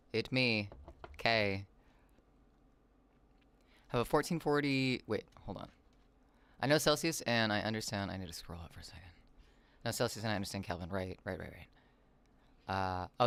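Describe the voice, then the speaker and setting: A man with a somewhat low voice rambles through a relaxed livestream, answering chat as it comes in. His voice sounds a little raw but is on the mend. He talks into a desk mic at home. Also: moderate pace, pauses often, clean tone. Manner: rambling, reads and answers chat messages aloud. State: voice slightly raw, recovering. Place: home, with cats nearby. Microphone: desk microphone.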